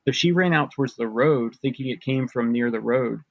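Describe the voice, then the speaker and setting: Gravelly-voiced man telling a story. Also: mid-range voice, normal speed, no room sound, dull audio. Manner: rambling, restarts often, uses "like" a lot. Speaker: guest, author recounting abduction experiences. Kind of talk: casual storytelling.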